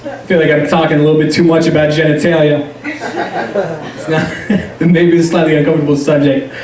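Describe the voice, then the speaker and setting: A young man doing stand-up, rambling and self-deprecating, his voice a little higher than most men's. He is heard from a distance in a roomy club. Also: normal speed, a little mellow. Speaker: stand-up comedian. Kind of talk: stand-up comedy set. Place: comedy club stage.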